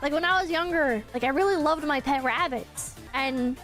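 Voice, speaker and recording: Young woman, high voice, rambling casual stream chat, frank and sweary, faint music behind. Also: moderate pace, fairly bright tone. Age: young adult. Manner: rambling, frank, swears often, many fillers.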